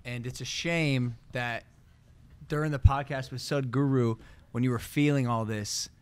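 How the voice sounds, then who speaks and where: A man's voice: medium pitch, fairly even intonation, unhurried, a little mellow, smooth. Teasing, argumentative male podcast host. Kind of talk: casual podcast chat.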